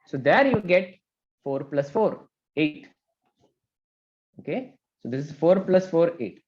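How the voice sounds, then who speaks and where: A man teaching an online math class, talking briskly and checking in with students with a frequent "okay?". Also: fairly high pitch, animated, a little mellow, highs cut off. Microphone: video call.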